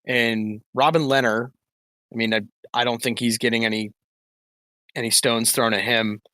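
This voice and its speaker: A man's voice: mid-range voice, fairly even intonation, normal speed, sharp tone, no echo. A man co-hosting a podcast, talking hockey in a casual, analytical way with frequent fillers. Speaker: podcast co-host. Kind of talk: casual sports chat.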